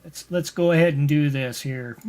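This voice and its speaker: Slow-talking game master man. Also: fairly high pitch, a little mellow. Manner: unhurried, adds sound effects. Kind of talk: narrating a tabletop game.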